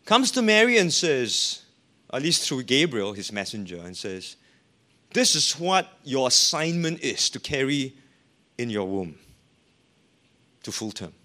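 A man's voice: medium pitch, very animated, a little slow, pauses often, bright, forceful tone. A man preaching a sermon as a pastor, with an emphatic, rising and falling delivery.

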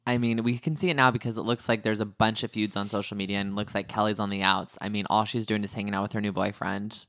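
A man's voice: on the low side, level tone, fairly bright tone, no room sound. Guy on a podcast joking thru a reality tv recap, dry close sound. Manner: joking, chatty, quick asides. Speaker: podcast co-host. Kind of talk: casual reality TV recap chat.

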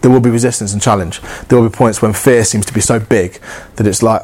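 A man with a somewhat low voice delivers a sermon. He talks earnestly and conversationally, repeating phrases and acting out what people might say to themselves or to God. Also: steady tone, quick pace, a little mellow, husky. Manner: earnest, repetitive, conversational preaching with acted-out inner dialogue. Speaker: preacher.

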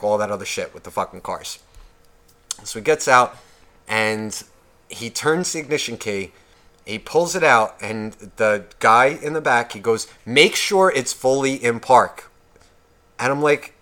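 A man's voice: medium pitch, lively intonation, a little slow, sharp tone. A man co-hosting a podcast, telling a heated, profane story in casual chat and acting out what others said. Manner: profane, acts out quotes of others; agitated, heated retelling. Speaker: podcast co-host.

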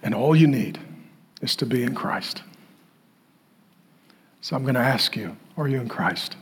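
Man preaching, husky voice, emphatic repetition, dramatic pauses. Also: mid-range voice, expressive. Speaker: pastor. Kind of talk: sermon.

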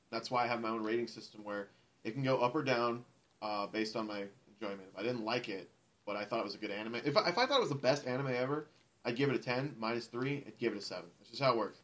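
Young man, casual chat, argumentative, explaining at length, middle pitch. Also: fairly bright tone. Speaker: anime podcast co-host.

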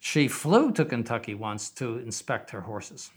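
An older man in a casual interview, wandering through his thoughts with frequent "uh"s and restarts. His pitch is ordinary for a man. He speaks as a seminary head. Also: very animated, unhurried, breathy edge. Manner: rambling, with many fillers and restarts.

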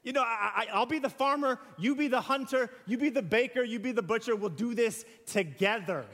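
A man with a notably high voice delivers a sermon in a relaxed, conversational way. He asks the congregation questions and acts out everyday examples. The sound carries a long hall reverb. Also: a little fast. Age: young adult to middle-aged. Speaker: pastor. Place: church sanctuary.

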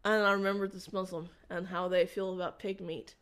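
A woman in an interview, telling a personal faith story in a rambling, halting way with frequent restarts. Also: lowish voice, flat delivery, a bit bright, clear, resonant tone. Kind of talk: conversational testimony.

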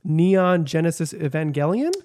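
Young midwest dude rambling on a podcast, laughs a lot, voice sits kinda high. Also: male voice, moderate pace, dark tone. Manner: rambling, laughs often, many fillers. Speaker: podcast co-host. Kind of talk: casual podcast chat.

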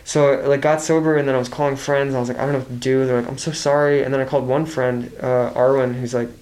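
A man's voice: medium pitch, level tone, fast talker, a little mellow. Rambling young man, candid and profane. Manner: rambling, swears freely, many restarts. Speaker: podcast guest. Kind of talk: candid casual conversation.

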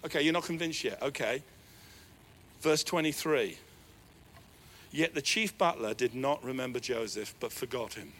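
A man preaching a sermon as pastor, animated, with sudden swings between loud, raised lines and quiet asides. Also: medium pitch, moderate pace, a little hiss or hum.

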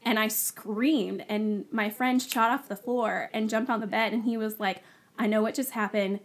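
A woman with a fairly high voice tells her own story as a guest, casual and animated. She keeps slipping into the voices of the people she quotes, peppering everything with "like". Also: normal speed. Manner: animated, acts out quoted dialogue, frequent "like". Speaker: guest sharing her testimony.

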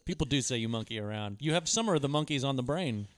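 A man's voice: mid-range voice, big pitch swings, fairly quick, no echo. A man co-hosting a podcast, dropping dry teasing remarks in a casual film chat. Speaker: podcast co-host.

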